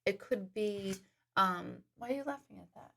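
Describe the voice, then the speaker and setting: A woman's voice: medium pitch, normal speed, creaky, a bit bright. Chatty woman medium answering live questions. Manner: chatty, laughs often, reads out viewer questions. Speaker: intuitive medium. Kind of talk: live-stream Q&A chat.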